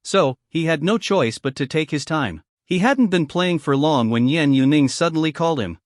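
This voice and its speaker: Male recap narrator with an animated, slightly high delivery. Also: normal speed, hardly any pauses, no room sound, clean studio sound. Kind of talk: scripted story narration.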